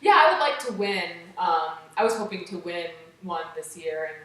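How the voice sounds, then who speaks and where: Woman interview guest, casual storyteller, lowish voice, far from the mic in a boomy room. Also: normal speed. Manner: animated, acts out quotes, many "like"s. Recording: echoey room, distant mic, faint noise.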